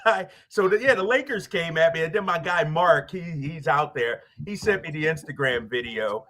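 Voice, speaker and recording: A man hosting sports radio, ranting in a fired-up, animated way straight at rival fans. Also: on the high side, moderate pace, a crowd in the background. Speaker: sports radio host and team broadcaster. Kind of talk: casual sports talk rant.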